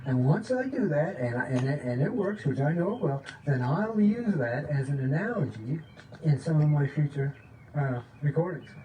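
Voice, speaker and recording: A man giving an informal, excited spiritual talk, often checking in with "okay?" and sometimes dropping to a low voice to demonstrate. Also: normal speed, dull audio. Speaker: spiritual teacher. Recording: distant mic with faint background noise.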